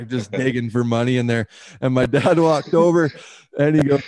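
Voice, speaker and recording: A man's voice: mid-range voice, steady tone, moderate pace, vocal fry, a little mellow, dry recording. A man in the middle of his range, hosting a podcast and swapping old stories in easy, rambling chat. He swears freely and laughs often. The sound is dry and close to the mic. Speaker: podcast host. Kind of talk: casual chat.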